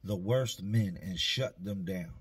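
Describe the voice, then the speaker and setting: A man's voice: low-pitched, slow, breathy edge. A man telling a story in a laid-back, slangy, dry way. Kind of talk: casual storytelling.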